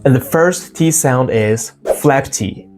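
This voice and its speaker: A man giving a casual pronunciation lesson, explaining sounds and slowly repeating example words to demonstrate them. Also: mid-range voice, over music. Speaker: English pronunciation teacher.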